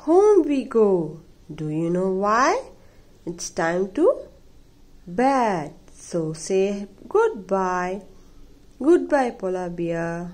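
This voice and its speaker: A woman's voice: medium pitch, big pitch swings, extremely slow, darkish tone. A woman reading a children's picture book aloud in a playful, sing-song way. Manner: sing-song, playful, imitates animal sounds. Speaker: storybook reader.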